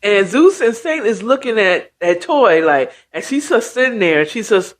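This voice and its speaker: A woman's voice: mid-range voice, big pitch swings, moderate pace. A woman host casually retelling a book's plot in a chatty, slangy way, with asides to the listener. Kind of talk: casual storytelling recap.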